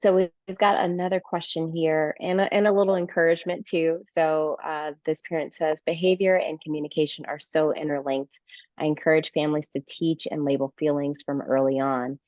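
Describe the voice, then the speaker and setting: A woman's voice: low-pitched, level tone, brisk, a little mellow, no room sound. A woman moderating a webinar, reading audience questions aloud and giving short affirmations. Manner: reads questions, affirming ums and laughs. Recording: dull dry webinar audio.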